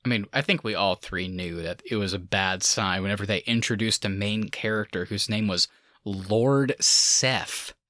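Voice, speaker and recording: A man co-hosting a podcast, chatting loosely with plenty of fillers and easy laughter. His voice is bright and forward, recorded close and dry with no room sound. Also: fairly low pitch, moderate pace, no room sound. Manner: laid-back, frequent fillers and laughter. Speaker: podcast co-host. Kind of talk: casual chat.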